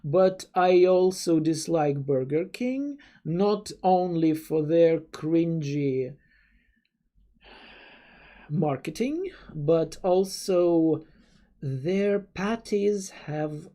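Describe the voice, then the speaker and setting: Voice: medium pitch, expressive, extremely slow, dark tone. A young adult streamer, chatting casually with viewers in a rambling way, full of stammered restarts and offhand swearing. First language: Russian. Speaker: streamer reading chat. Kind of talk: casual live-stream chat.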